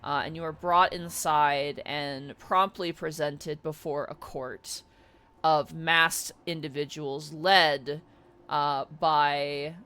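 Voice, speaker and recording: A man narrating as dungeon master in a tabletop game, telling the story in an animated way and giving the characters voices. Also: on the high side, takes it slowly, smooth.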